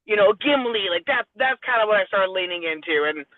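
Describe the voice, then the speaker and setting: A woman's voice: mid-range voice, expressive, fairly quick, no room sound. Woman telling a story over a tinny line. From Southern California. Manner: rambling, acts out quoted dialogue, laughs often. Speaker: pro wrestler guest. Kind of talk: casual interview storytelling. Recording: tinny phone-like dry sound.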